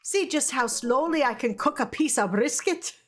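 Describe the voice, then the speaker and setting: A woman's voice: high voice, animated, moderate pace. A woman streamer giving casual commentary on a game, laughing often and reading chat aloud.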